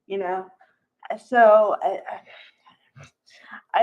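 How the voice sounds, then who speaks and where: A woman's voice: a little high, slow, long pauses. A woman casually recapping a soap opera for her viewers, chatty and full of fillers and asides. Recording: dull lo-fi recording.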